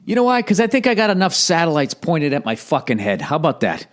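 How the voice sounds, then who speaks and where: Quick-paced and on the high side, this middle-aged man's voice swings hugely in pitch as he rants profanely on his solo comedy podcast, launching into mocking put-on voices. He's coughing, recording in an echoey home office with studio headphones and a recorder.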